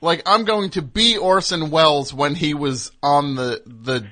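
A man's voice: on the high side, unhurried, pushed and bright. A man hosting a comedy call-in show, answering a caller with dry, wry remarks. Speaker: host.

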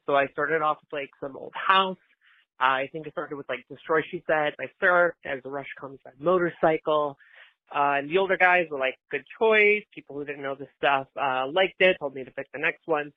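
A man's voice: on the high side, moderate pace, no echo. A man leaving a chatty voicemail story for a podcast, a little out of breath. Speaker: voicemail caller. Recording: tinny phone line.

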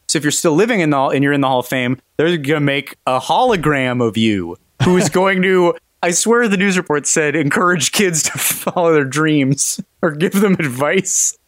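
A man hosting a casual podcast, rambling through stories with a wry, amused edge. His voice sits a little high, and the recording is dry and close. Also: no room sound. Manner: wry, rambling storytelling with frequent laughs. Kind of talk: casual chat.

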